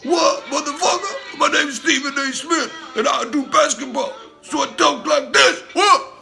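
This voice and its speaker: A brash male sports pundit, loud and exaggerated, as a man puts him on. The voice jumps far above the speaker's own pitch, and music plays behind him. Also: measured pace, creaky, exaggerated voice. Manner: shouty, exaggerated, high-pitched.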